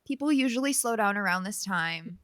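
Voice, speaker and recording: A woman's voice: medium pitch, expressive, fairly quick, fairly bright tone, no echo, studio quality. A woman co-hosting a podcast in casual chat, blunt and sarcastic. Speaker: podcast co-host.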